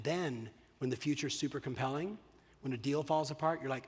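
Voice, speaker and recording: A middle-aged man giving an energetic, profane motivational keynote on stage, often checking in with the audience. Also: medium pitch, brisk, husky. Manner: energetic, profane, asks the crowd "you with me?". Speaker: keynote speaker. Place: large hall on stage. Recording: long hall reverb.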